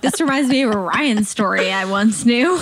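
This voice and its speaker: Brief: woman host, higher pitch, quick reactions, faint background noise. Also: animated. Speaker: podcast co-host. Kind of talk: casual chat.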